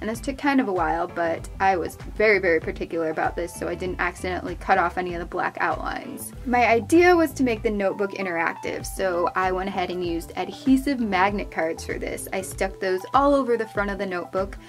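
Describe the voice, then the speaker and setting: A woman's voice: medium pitch, animated, brisk, few pauses, faint music behind. A young woman, host of a craft channel, chatting her way through a step-by-step craft tutorial voice-over. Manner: chatty, upbeat, explaining step by step.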